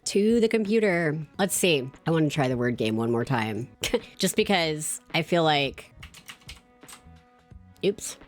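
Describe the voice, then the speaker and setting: Low-voiced, giggly woman streamer. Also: lively intonation, measured pace, long pauses. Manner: playful, giggly, talks to herself while puzzling. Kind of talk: visual novel playthrough with read-aloud dialogue.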